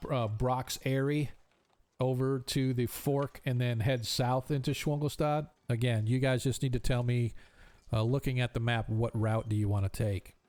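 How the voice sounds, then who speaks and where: Man as tabletop game master, smooth tone, explains rules and fills pauses with ums. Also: medium pitch, darkish tone. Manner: thinking aloud, many ums.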